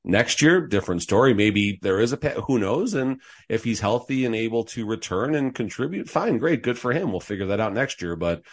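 A man's voice: mid-range voice, a little fast, hardly any pauses. A man co-hosting a sports podcast, rambling through what-if ideas with lots of fillers. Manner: animated, rambling with many fillers and what-ifs. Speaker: podcast co-host. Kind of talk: casual sports chat.

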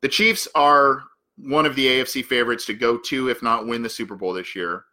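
A man's voice: mid-range voice, fairly quick, sharp tone. A man hosting a sports podcast, giving solo analysis of a football game, thinking aloud with many fillers and restarts.

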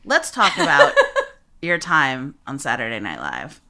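A woman's voice: very deep voice, wildly swooping pitch, unhurried, bright, forceful tone. A woman hosting a podcast interview, enthusiastic and admiring, laughing easily. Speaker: podcast host. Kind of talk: casual interview chat.

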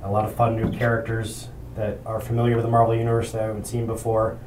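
A man's voice: lowish voice, monotone, fast talker, darkish tone, distant mic. Joking man guest, echoey and noisy. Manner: joking, playful. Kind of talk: casual chat.

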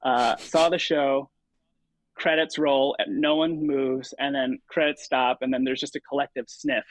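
As an interview guest, a stage and TV performer in his thirties spins relaxed, conversational stories at a measured pace in a medium-pitched voice. He's hesitant and full of fillers and restarts, though animated when quoting himself. Poor audio, no room sound.

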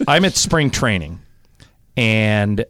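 A man hosting a sports radio show, telling stories in a lively, animated way. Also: on the low side, takes it slowly, a little hiss or hum. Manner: animated storyteller, does loud impressions when quoting. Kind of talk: casual sports radio chat.

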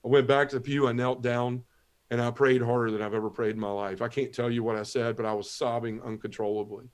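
A middle-aged man with a level, mid-range voice talks fast. He's a guest on a talk show giving an earnest personal testimony in a podcast interview, recounting events step by step, with Southern turns of phrase, and performing the lines other people said.

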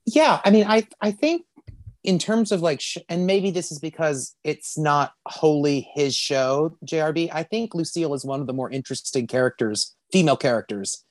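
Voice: mid-range voice, normal speed, no echo. A podcast co-host in casual chat, speaking thoughtfully and hesitantly, with frequent restarts.

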